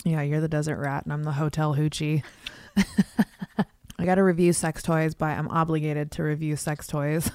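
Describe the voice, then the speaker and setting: A woman with a lowish voice hosts a podcast, crude and loose, cursing freely with frequent laughter. The sound is dry and close. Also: little pitch movement, normal speed, darkish tone, no echo. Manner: crude, swearing, laughing often. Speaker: podcast host. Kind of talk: casual podcast chat and read ad.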